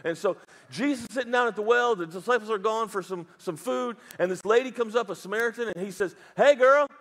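A man's voice: sits high, quick pace, a bit bright. A man preaching a sermon as pastor, telling a Bible story with jokes, asides and put-on voices.

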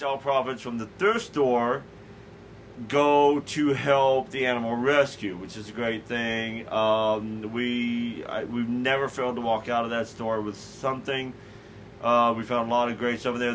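A man talks casually on his podcast, joking at his own expense and stumbling through restarts as he goes. His voice is bright and forward. A faint room ambience sits behind him. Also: mid-range voice, a little hiss or hum. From Southern Illinois, USA. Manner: self-amused, joking, trips over his words. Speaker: podcast host. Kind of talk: rambling casual podcast monologue.

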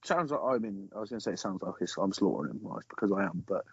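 Male co-host, excitable and disbelieving, husky and close-miked. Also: low-pitched, very fast, dry recording, muffled recording. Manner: animated, incredulous, swears casually. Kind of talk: casual film discussion.

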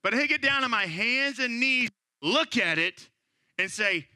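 A man in his thirties preaching a sermon, conversational and animated, acting out the voices of the people he quotes. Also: high voice, slow, long pauses, no room sound, studio quality. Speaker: pastor.

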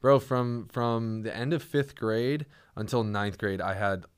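A man's voice: on the low side, steady tone, measured pace, clean tone. A young man co-hosting a podcast in casual chat, laid-back and full of "dude" and "like". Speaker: podcast co-host. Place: podcast studio.

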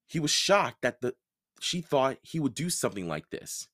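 A man reads a children's novel aloud at a slow, careful pace, his pitch rising and falling with the story. He is recorded close on the mic in a dry space with no room echo. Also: big pitch swings, pushed and bright. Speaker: podcast read-aloud host.

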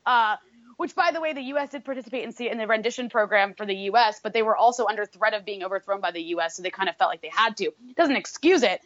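A woman's voice: mid-range voice, fast, fairly bright tone, no echo, highs cut off. A woman co-hosting a political talk show, ranting in an exasperated, profane way, full of fillers and restarts. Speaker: political commentary co-host.

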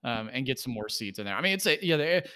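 Bright, clear-voiced man chatting casually. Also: medium pitch, very animated, fast. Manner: rambling, lots of "like" fillers, laughs often. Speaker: podcast co-host. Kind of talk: casual chat.

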